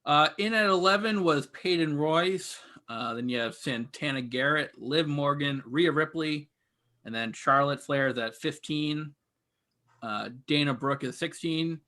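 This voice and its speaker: A man's voice: on the high side, measured pace, pushed and bright. A man co-hosting a podcast, steadily recapping an event in a list-like way with filler uhs. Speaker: podcast co-host.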